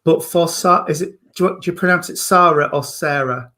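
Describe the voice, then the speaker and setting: Man, medium giving readings, affectionate, calls people darling, video-call audio, fairly high voice. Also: fairly even intonation, fast talker, a bit bright. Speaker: spiritualist medium and reverend leading an online service. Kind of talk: chatty service hosting and mediumship readings.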